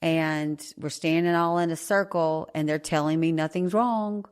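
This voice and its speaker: A woman podcast host casually retelling a personal story in a rambling, animated way. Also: low voice, unhurried, clear, resonant tone.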